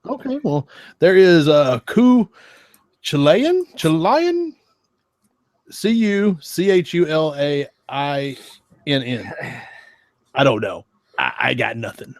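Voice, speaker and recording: A man's voice: on the high side, slow, dry recording, clean studio sound. A man co-hosting a casual gaming podcast, rambling with many restarts and fillers. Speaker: podcast co-host. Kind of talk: casual chat.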